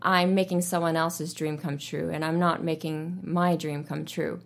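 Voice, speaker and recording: A woman in her thirties tells her story as a radio interview guest. She talks in a lively, animated way with a slightly low voice. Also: normal speed, creaky. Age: 30s.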